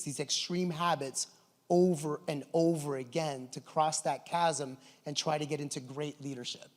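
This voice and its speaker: A middle-aged man speaking from a conference stage, telling stories with lively enthusiasm. His voice sits somewhat high for a man. A long reverb from the large hall trails every phrase. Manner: enthusiastic storytelling, animated. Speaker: conference presenter. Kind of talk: conference keynote talk.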